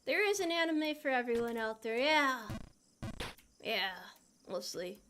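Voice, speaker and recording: Bright, high-voiced young woman streamer. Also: expressive, unhurried, a little hiss or hum. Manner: playful, reads and answers chat. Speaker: VTuber streamer. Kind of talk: casual gameplay chat with viewers.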